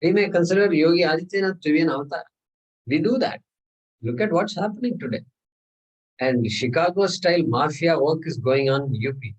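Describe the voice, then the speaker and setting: Husky man teaching scripture. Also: on the high side, brisk, recorded from a distance, highs cut off. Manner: discursive, rhetorical questions, chanted Sanskrit verses. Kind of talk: lecture on scripture.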